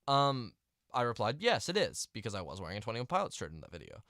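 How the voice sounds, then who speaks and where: A man's voice: on the low side, expressive, fast, sharp tone, no room sound, clean studio sound. A young man ranting to camera in a vlog, exasperated and rambling, with restarts and mumbled asides. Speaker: vlogger.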